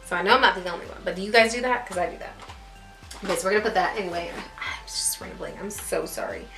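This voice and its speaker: A woman's voice: fairly low pitch, fast, creaky, fairly bright tone. Young woman, casual self-deprecating beauty vlogger, rambling chat to camera, roomy echo. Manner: chatty, self-deprecating, laughs at herself. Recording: echoey room with faint music.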